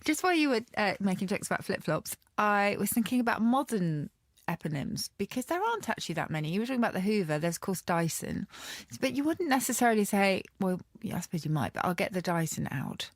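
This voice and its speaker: Here a lexicographer co-hosting a podcast talks at a quick pace in a very animated, medium-pitched voice, recorded dry with studio quality. Her casual chat about word histories is thoughtful and explanatory, full of fillers.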